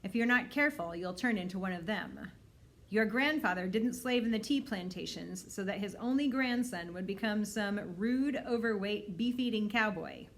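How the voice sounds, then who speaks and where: A woman's voice: medium pitch, lively intonation, moderate pace, lightly acted. A woman voicing a stern, scolding grandmother. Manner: scolding, firm lecturing.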